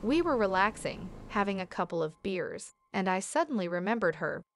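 A woman tells a creepy story in a scripted narration style, with a voice that sits at a middle pitch. She gives the dialogue only a light touch of character and keeps a steady storytelling pace. A faint music bed runs quietly behind her. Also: moderate pace.

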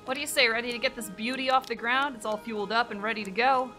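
An easygoing redneck alien pilot drawls in a folksy game voice, as a woman puts him on. The voice sits high and bright, with a loose, chatty lilt. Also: lively intonation, moderate pace, soft background music. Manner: attempted rural accent.

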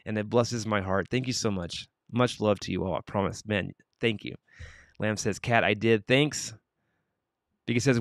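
A man's voice: medium pitch, fairly bright tone, clear, resonant tone, no echo, studio quality. A man hosting a morning livestream, reading out viewer comments with upbeat greetings, then leading an earnest prayer. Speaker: livestream host. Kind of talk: morning show chat and prayer.

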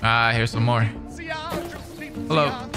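A man giving excitable, slangy let's-play commentary over a video game, laughing often. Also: medium pitch, slow pace, gravelly, music in the background. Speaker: gaming commentator.

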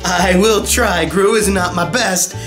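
A man voicing a gruff male cartoon supervillain with a thick put-on accent, over music. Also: sits high, takes it slowly.

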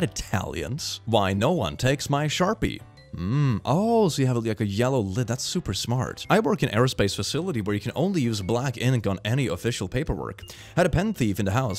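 A young man giving casual, animated commentary as he reacts to posts, laughing often. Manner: animated, laughing, swings in pitch. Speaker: host.

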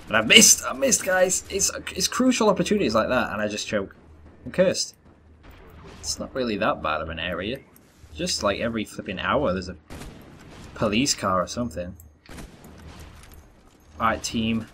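With a sharp tone on the low side, a young man gives live commentary on his gameplay, chatting with viewers and groaning whenever he misses. This gaming YouTuber's recording has slight background noise, plus faint gunfire and game sounds.

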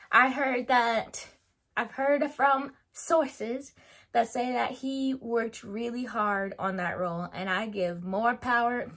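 A woman talking straight to her viewers in a loose, chatty vlog, her voice sitting a little higher than most. She is animated and laughs often, peppering her sentences with fillers as she goes. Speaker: YouTuber reviewing a TV show. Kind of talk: casual opinion vlog.

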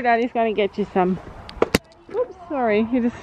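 Chatty mom vlogging at a barn. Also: female voice, fairly high pitch, animated, normal speed, narrow, tinny audio, slight background noise. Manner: chatty, explains gear to viewers. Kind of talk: casual vlog chat. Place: outdoors at a horse barn.

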